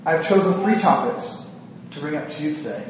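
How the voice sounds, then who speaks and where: A man's voice: a little high, animated, fairly quick, a little hiss or hum. A man, a psychiatrist, giving an earnest, self-deprecating talk to a gathering, a little nervous and restarting his sentences. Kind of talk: speech to a women's gathering. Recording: echoey hall, distant mic.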